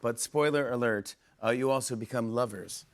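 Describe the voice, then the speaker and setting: A man hosting a late-night talk show interview, playful and laughing, with many quick yeahs. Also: mid-range voice, very noisy. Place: television studio with audience.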